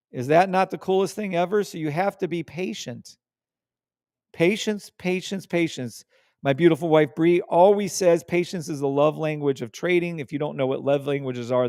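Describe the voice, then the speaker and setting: The host of this live trading stream has a gravelly voice on the high side, in a dry, studio-quality recording. He chats casually but with emphasis, doubling up words to stress them and cursing when annoyed.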